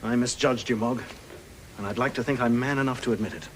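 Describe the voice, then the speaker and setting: A man's voice: mid-range voice, steady tone, fairly quick, slight background noise, lightly acted, low-quality recording. An actor playing a formal, male patient in a sitcom, speaking in a clipped, correct way. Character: stiff, upper-class male patient.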